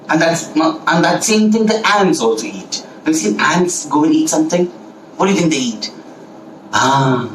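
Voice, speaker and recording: Playful man telling a children's story. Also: on the high side. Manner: playful, animated, heavy repetition, asks listeners questions. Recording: echoey room from a distance, faint background hiss.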